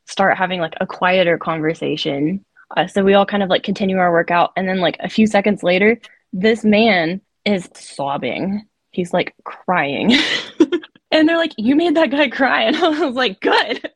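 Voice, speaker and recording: A woman's voice: on the low side, normal speed, no room sound. A woman podcast co-host telling a story in a casual, chatty way, often saying "like".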